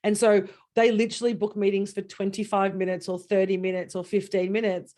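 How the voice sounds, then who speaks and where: A woman business coach hosting a casual conversation, animated and laughing often as she tells stories. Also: medium pitch, fairly quick.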